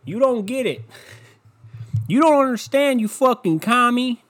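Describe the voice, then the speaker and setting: A furious, high-pitched patriot rants at full volume, as a young man puts him on. He is indignant and mocking, and his pitch sits far above a normal speaking voice. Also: lively intonation, measured pace, a bit bright, full character voice. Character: loud angry gun-loving American male patriot.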